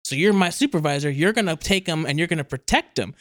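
High-voiced, animated storytelling guy. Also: fast talker, dry recording, clean studio sound. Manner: animated storyteller, swears freely, acts out quotes. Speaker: podcast co-host. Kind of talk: casual chat.

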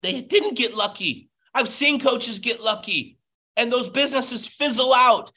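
A man giving a passionate motivational pep talk as a business coach, nearly yelling, over a video call. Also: very high-pitched, measured pace.

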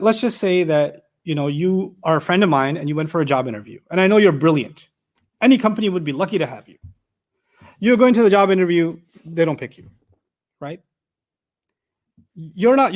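A man with a notably high-pitched voice teaches a lesson of Quran commentary. He talks in an animated way, throws rhetorical questions at his listeners, and breaks into recited Arabic verses. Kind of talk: tafsir lecture.

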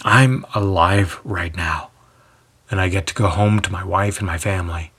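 A man voicing a large male jailer in a storybook telling, speaking in hushed, halting, earnest tones. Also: low voice, husky, heavily acted.

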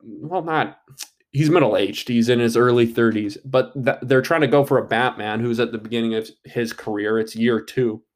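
Guy rambling about a movie cast, lots of ums and uhs, swears a bit, mid pitch. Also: moderate pace. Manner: rambling, many fillers and restarts; frank, swears casually. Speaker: movie commentator. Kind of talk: casual solo movie commentary.

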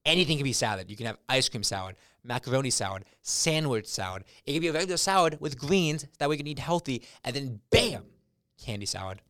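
Brief: young male co-host, mid-pitched, rambling deadpan storyteller, dry close-mic sound. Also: fast talker, dry recording. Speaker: podcast co-host. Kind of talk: casual chat.

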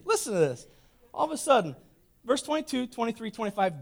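High-voiced, animated joking preacher man. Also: fast talker. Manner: playful, teasing, talks straight to the congregation. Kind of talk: comedic sermon.

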